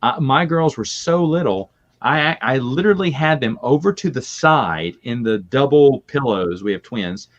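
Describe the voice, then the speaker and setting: A man of middle pitch chats casually as a guest, telling lively stories and breaking into laughter. The audio is muffled and a little lo-fi. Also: normal speed, hardly any pauses. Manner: lively storytelling with frequent laughs. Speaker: podcast guest. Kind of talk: casual chat.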